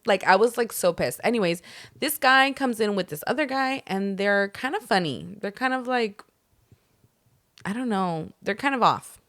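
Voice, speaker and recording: A woman's voice: medium pitch, animated, normal speed, a bit bright, no echo. A young woman co-hosting a casual podcast, telling stories, swearing freely and acting out what people said. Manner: storytelling, swears freely, acts out quotes. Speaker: podcast co-host. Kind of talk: casual chat.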